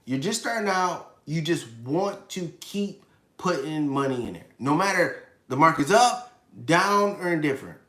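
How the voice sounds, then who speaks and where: A man's voice: fairly high pitch, lively intonation, measured pace, a bit bright, roomy sound. A man in his thirties hosting a casual live finance stream, talking emphatically, repeating his points and answering chat questions. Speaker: livestream host.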